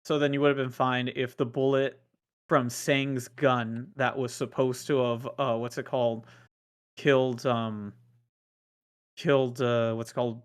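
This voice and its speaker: A man's voice: mid-range voice, level tone, a little slow, clean tone. A man co-hosting a podcast, rambling with hesitations and acting out bits of dialogue. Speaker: podcast co-host. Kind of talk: casual podcast chat.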